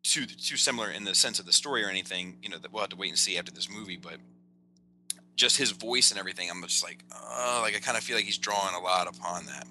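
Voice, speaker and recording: A man co-hosting a podcast in casual movie chat, talking fast with lots of stammered restarts. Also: deep voice, bright, forceful tone, slight background noise. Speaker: podcast co-host.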